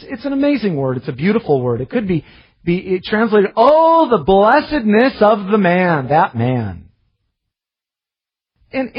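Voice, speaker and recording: A man's voice: high-pitched, slightly rough, highs cut off. A man preaching a sermon in an earnest, self-searching way, often restarting his phrases.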